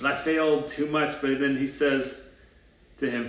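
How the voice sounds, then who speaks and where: A man's voice: mid-range voice, fairly even intonation, measured pace, fairly bright tone. A man preaching a sermon at a church service in a conversational, casual way, acting out the lines of the people in his story. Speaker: pastor. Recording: roomy echo, voice from a distance.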